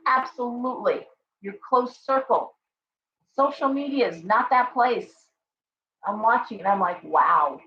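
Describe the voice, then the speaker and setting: Middle-aged woman tarot host, blunt and profane, a bit high-pitched, on echoey, dull live-stream audio. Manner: outspoken, profane, scolding.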